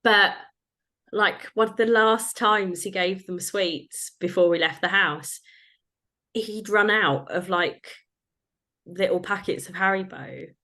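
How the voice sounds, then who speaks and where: Speaking slowly at medium pitch, a woman with a sharp tone hosts her podcast. She's in her thirties and laughs a lot as she casually recounts stories about her family.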